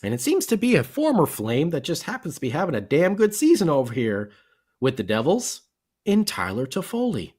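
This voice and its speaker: Excitable man co-hosting a sports podcast. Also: fairly high pitch, brisk. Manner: excitable and rambling, with many fillers and restarts. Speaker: podcast co-host. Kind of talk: casual sports podcast chat.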